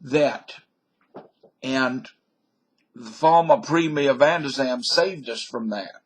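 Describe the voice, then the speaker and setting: A man from British Columbia talks into a webcam, drifting from one aside to the next in a folksy, mock-learned way. His voice is slightly husky and his delivery unhurried, with plenty of loose asides. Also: medium pitch. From British Columbia, Canada. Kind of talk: rambling comic monologue.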